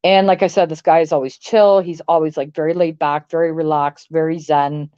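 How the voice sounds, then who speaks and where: Woman streamer, lower voice, blunt and swearing, rambling rant to chat; dry, slightly dull mic. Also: steady tone, brisk, mellow, smooth, no echo. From Canada. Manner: blunt, profane, rambling with many "like"s. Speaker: livestream host. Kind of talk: casual livestream rant to chat.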